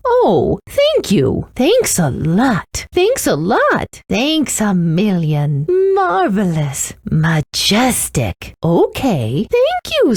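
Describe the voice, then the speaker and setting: A lively diner customer. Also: female voice, medium pitch, dry recording, clean studio sound, full character voice. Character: polite hungry female diner customer. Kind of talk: game voice clips.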